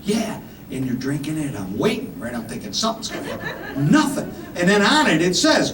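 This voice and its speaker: A man's voice: a little high, big pitch swings, brisk, a crowd in the background. Fifty-something man doing stand-up, echoey club. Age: 50s. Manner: punchy, rambling delivery with frequent "right?" and "man". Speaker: stand-up comedian. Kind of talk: stand-up comedy set. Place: comedy club stage. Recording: echoey club mic heard from far off, audience noise. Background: audience laughter.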